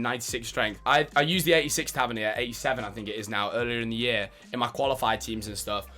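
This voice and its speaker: A man's voice: mid-range voice, fairly bright tone. A young man giving casual, enthusiastic gaming commentary, chatty and self-mocking. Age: young adult. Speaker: esports content creator.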